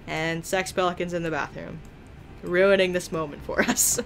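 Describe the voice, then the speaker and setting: A woman commentating a life-simulation game she is playing, excitable, swearing freely and laughing often. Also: lowish voice, normal speed, vocal fry, faint music behind. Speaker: gaming video creator. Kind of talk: let's play commentary.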